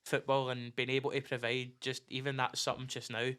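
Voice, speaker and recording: A man's voice: medium pitch, completely flat delivery, a bit bright, smooth. A young Scottish man co-hosting a casual football podcast, bantering and laughing with his mates. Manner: banter-heavy, quick to laugh. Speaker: podcast co-host. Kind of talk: casual chat.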